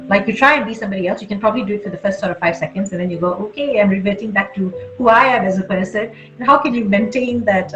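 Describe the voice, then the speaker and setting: A woman with an Australian accent giving blunt, energetic advice as an interview guest, often restarting her sentences. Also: medium pitch. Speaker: guest speaker. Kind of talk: conversational interview. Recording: muffled roomy sound with music.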